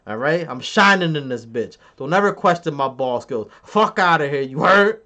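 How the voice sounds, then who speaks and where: A man's voice: fairly high pitch, expressive, normal speed, bright, forceful tone. Joking, boastful man streaming to chat. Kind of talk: casual live-stream chat.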